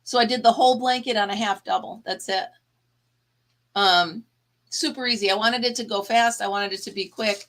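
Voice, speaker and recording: A woman's voice: mid-range voice, fairly even intonation, moderate pace, a bit bright. A woman hosting a casual live chat, tired and yawning, chatty and laughing often as she talks to her viewers. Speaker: livestream host.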